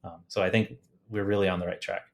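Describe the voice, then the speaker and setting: A man with a low-pitched, flat voice and vocal fry talks fast as a guest engineer on a podcast. In this casual technical chat he's enthusiastic about his work, using fillers, restarting often, and laughing lightly.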